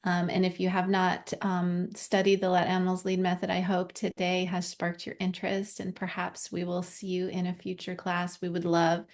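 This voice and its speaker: A woman's voice: lowish voice, completely flat delivery, moderate pace, few pauses, darkish tone. A woman giving a sincere, earnest thank-you speech over a video call as founder of the group. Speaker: founder and teacher of an animal healing method.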